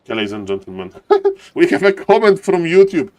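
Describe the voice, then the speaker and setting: Excitable male esports caster, non-native English. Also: sits high, brisk. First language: not English. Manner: excitable, shouts during big plays, jokes with chat. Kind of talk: live game commentary.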